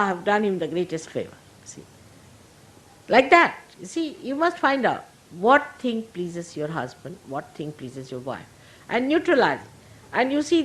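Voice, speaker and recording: Older indian lady preaching, gentle and funny, voice goes up and down a lot. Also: medium pitch, low-quality recording. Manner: gentle, humorous, laughing as she talks. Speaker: spiritual teacher. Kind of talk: sermon to followers.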